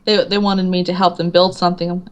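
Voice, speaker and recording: A woman's voice: on the low side, brisk. A woman author being interviewed, chatting casually and acting out quoted voices with frequent laughter. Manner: animated storyteller, acts out quotes, laughs often. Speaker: author guest.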